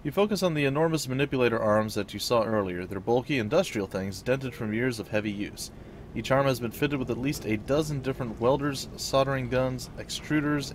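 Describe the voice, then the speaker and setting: A man's voice: medium pitch, a little hiss or hum. Man reading game text aloud. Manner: reads narration aloud, with casual asides and small slips. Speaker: let's play host.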